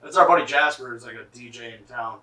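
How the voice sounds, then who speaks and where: A man's voice: medium pitch, fast talker, bright, forceful tone, distant mic. A young adult man telling stories casually, swearing freely and filling his talk with "like.". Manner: loose, profane, fills with 'like'. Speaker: musician guest. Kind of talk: casual storytelling. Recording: echoey room, mic from afar.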